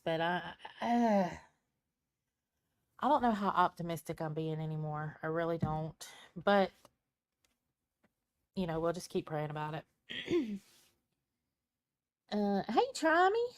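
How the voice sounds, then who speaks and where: A tired woman live-streams as a tarot reader from home at her computer, a small fan running nearby, using the computer mic. She talks slowly in a lowish, slightly mellow voice, chatting casually, greeting viewers by name, and often saying "um" and laughing.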